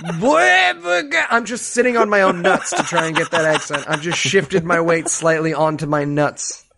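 A man co-hosting a comedy podcast, joking with animated, profane banter. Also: on the high side, normal speed, a loud crowd. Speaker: podcast co-host. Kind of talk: casual comedic movie riffing.

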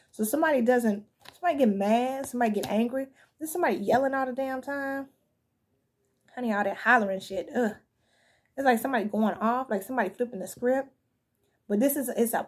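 A woman's voice: on the high side, darkish tone, husky. A woman giving a casual spoken tarot reading, talking frankly and conversationally and often asking "you know what I'm saying.". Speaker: tarot reader.

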